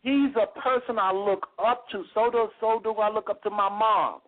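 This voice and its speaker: This is an American radio talk show host with a high voice, arguing on a heated call-in program. His intonation stays fairly even and his pace is moderate, but he's emphatic and repeats phrases. It sounds tinny, like phone-line radio.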